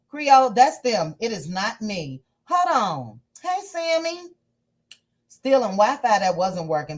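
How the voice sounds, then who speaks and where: Female livestream host, playful and animated, with a lively pitch that swoops up and down. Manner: animated, playful, drawn-out exclamations. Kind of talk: casual livestream chat reading viewer comments.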